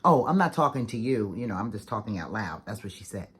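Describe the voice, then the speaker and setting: A woman vlogger telling a story to the camera in a chatty, fast, animated way, full of "like"s and acted-out quotes. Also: very deep voice, a little hiss or hum. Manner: chatty, fast-talking, animated retelling with many "like"s.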